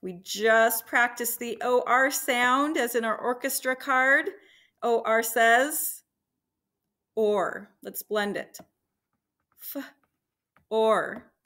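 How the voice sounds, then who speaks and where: Slow, encouraging woman teaching phonics. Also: on the high side, sharp tone. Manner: encouraging, slow and deliberate, sounding out letters. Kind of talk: slow phonics lesson for young children.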